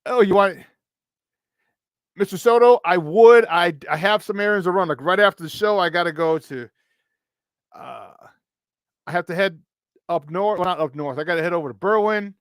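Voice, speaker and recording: A man hosting morning sports talk, speaking in a slightly high voice with animated, laugh-filled storytelling. The sound is close and dry, as if from a studio mic. He chats in a loose, easy way. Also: moderate pace, pauses often, clear, resonant tone, no echo. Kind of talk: casual radio chat.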